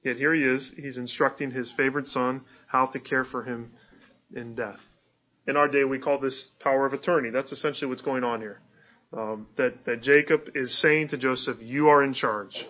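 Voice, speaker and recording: A man's voice: medium pitch, steady tone, normal speed, muffled recording. Man preaching in a plain, conversational way. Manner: conversational, with fillers and restarts. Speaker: pastor. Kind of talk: sermon.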